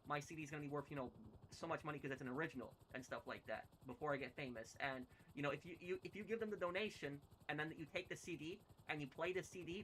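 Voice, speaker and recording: A man rambles through a story at a quick clip, stumbling over restarts and fillers. His voice sits a bit high and sounds bright and pushed. A faint hum runs under the recording. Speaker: gaming streamer. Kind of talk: casual storytelling while gaming.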